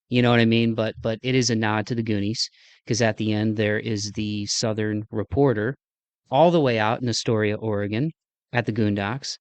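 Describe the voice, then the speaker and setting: A Midwestern man wraps up his podcast in a loose, rambling, enthusiastic solo chat, poking fun at himself as he goes. His voice sits fairly low. The recording is dry and close. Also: steady tone, a little fast, dry recording. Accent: Midwestern American. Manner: rambling, enthusiastic, self-deprecating. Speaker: podcast host. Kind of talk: casual solo podcast outro.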